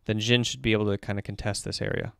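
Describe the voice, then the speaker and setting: A man coaching esports players talks through a match replay and picks apart each play with lively, analytical energy. His voice is smooth and resonant. The sound is dry and close to the mic. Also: on the low side, fast, no room sound. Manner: analytical, animated, breaks down plays step by step. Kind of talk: casual game-replay commentary on a stream.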